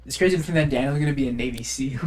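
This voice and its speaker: A young man co-hosting a casual podcast. He drops in short agreeing replies and tells stories in an animated way. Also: medium pitch, rapid-fire. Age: young adult. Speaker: podcast co-host. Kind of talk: casual chat.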